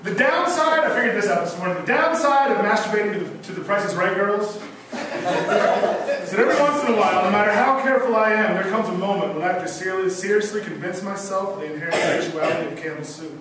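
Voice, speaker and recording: A man doing a stand-up comedy set, trading deadpan one-liners and self-mocking asides from a club stage. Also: sits high, fast. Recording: echoey club room from far off, noisy.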